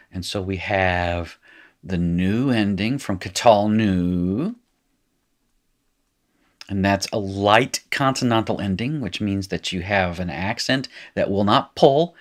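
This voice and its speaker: Low-voiced middle-aged male teacher, chatty, explains as he goes. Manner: chatty, explanatory, thinking aloud. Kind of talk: recorded screen lesson.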